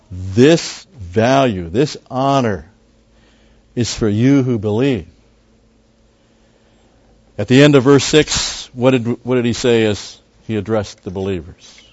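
Pausing often, a man in an unhurried, slightly mellow mid-range voice teaches through a Bible passage one verse at a time. He's conversational, with frequent asides and restarts, and bears down on key words. The recording is dull and lo-fi.

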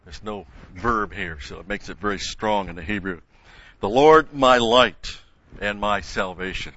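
Low bright-toned preacher, lo-fi. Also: male voice, steady tone, normal speed. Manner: emphatic, rises in pitch and volume when reading scripture. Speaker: pastor. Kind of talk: sermon with scripture reading. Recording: dull lo-fi sound.

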